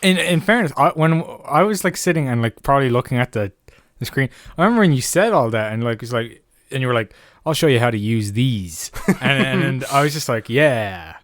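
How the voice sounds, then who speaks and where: A man's voice: medium pitch, expressive, fairly quick, fairly bright tone, no echo. Hesitant young man, dry close sound. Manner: hesitant, stumbling, laughs often. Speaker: podcast co-host. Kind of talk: casual chat.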